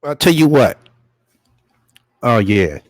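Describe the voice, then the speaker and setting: A man's voice: mid-range voice, big pitch swings, slow, dry recording, clean studio sound. A man hosting a reaction show, blunt, profane and mocking in casual commentary.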